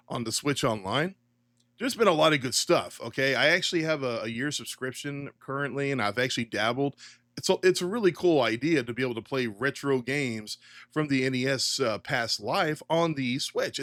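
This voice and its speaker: A middle-aged man hosting a casual solo commentary podcast, ranting in an animated, exasperated way and swearing often. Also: medium pitch, dry recording. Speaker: podcast host.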